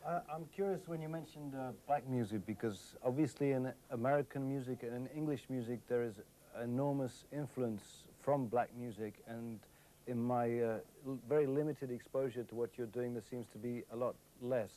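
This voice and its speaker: A man poses a question to a panel in a measured, inquisitive way. His voice is dark and mellow. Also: mid-range voice. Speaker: interviewer. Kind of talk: asking a question.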